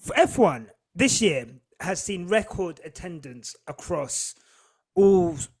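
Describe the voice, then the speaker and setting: A man with a high-pitched voice co-hosts a casual podcast chat. He rants with animated energy and drops swear words freely. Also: takes it slowly, slightly rough. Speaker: podcast co-host.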